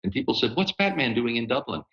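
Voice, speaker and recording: A man in his sixties, a voice actor, telling stories in a relaxed interview with many fillers and laughs. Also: mid-range voice, fast talker, vocal fry, highs cut off. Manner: animated, laughing storyteller with lots of fillers. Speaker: guest voice actor. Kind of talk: casual interview storytelling.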